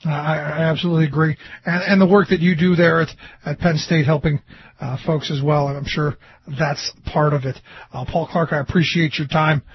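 A man hosting a radio talk show, friendly and brisk, reading out call-in details. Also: a little high, steady tone, slight background noise. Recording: dull radio broadcast with music.

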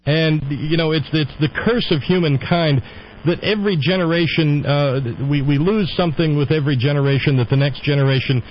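A man's voice: a little high, a little fast, dull audio, slight background noise. A man hosting a radio show, talking in a rambling, opinionated monologue. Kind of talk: casual on-air monologue.

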